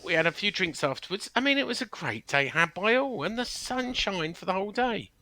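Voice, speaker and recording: Bright jokey male podcast host. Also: high-pitched, lively intonation, brisk, dry recording. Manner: jokey, stumbling over words. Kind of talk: casual chat.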